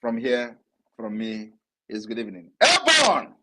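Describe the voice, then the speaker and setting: A man's voice: medium pitch, brisk, a crowd in the background, poor audio. A man answering questions on a live audio broadcast, speaking in an assertive, emphatic way and often repeating his points. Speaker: political leader answering questions.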